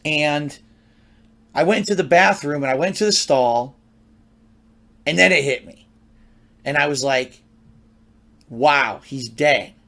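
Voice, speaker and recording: A man's voice: fairly high pitch, unhurried, creaky, pauses often, sharp tone. A man telling a long personal story from his youth in a rambling, conversational way, full of restarts and asides.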